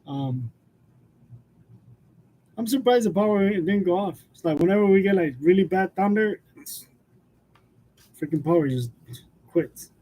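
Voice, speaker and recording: A warm, high-pitched male voice belongs to a graphic design channel's livestream host chatting casually with his audience. He tells loose stories and chuckles between nearly every sentence, using a wireless lavalier microphone.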